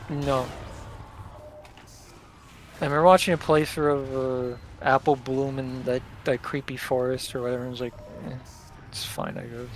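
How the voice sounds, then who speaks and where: A man's voice: medium pitch, little pitch movement, normal speed, long pauses, slight background noise. A young man streaming a game, chatting casually in a blunt and opinionated way.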